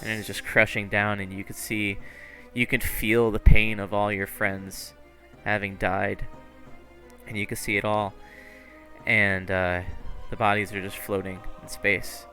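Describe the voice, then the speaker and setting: A man's voice: fairly low pitch, little pitch movement, a little slow, pushed and bright, faint music behind. A man narrating a tabletop game as game master, in a casual style full of fillers and swearing.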